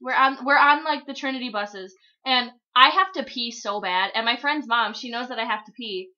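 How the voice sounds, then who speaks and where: A fairly high, bright-voiced woman in a casual podcast chat, giggling and chiming in with quick reactions. The tone is tense and sharp. The recording sounds slightly dull and lo-fi. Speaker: podcast co-host.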